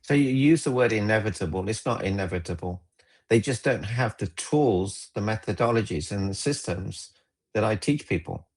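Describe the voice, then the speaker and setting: Low-voiced male relationship coach. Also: lively intonation, moderate pace, a little mellow. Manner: explanatory, upbeat, teaching by example. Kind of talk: interview conversation.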